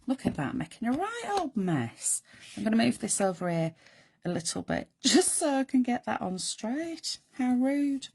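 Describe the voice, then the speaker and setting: A middle-aged woman hosting a live craft demonstration, chatty and self-deprecating, thinking aloud as she works, her voice going croaky. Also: on the high side, big pitch swings, normal speed, a little mellow. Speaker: craft show host.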